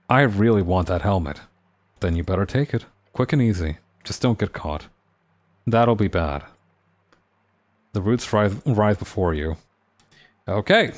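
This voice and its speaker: A man streaming a game live, reading its text aloud with playful comments. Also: lowish voice.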